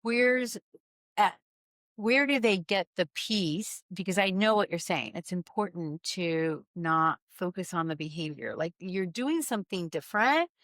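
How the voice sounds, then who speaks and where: A woman's voice: lowish voice, lively intonation, unhurried, fairly bright tone, dry recording, studio quality. A woman hosting an interview, affirming her guest and asking reflective questions. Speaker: host. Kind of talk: casual interview conversation.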